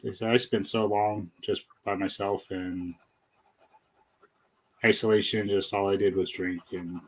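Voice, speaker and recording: A man speaking as a guest in a casual chat, with a somewhat low voice. He comes across as open, a little nervous and quick to knock himself down. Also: little pitch movement, poor audio. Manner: candid, nervous and self-deprecating. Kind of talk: casual personal conversation.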